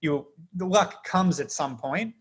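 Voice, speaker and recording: Casting: husky, slightly high male host, easygoing and reflective. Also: a little slow. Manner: affirming, reflective. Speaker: podcast host. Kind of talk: casual interview.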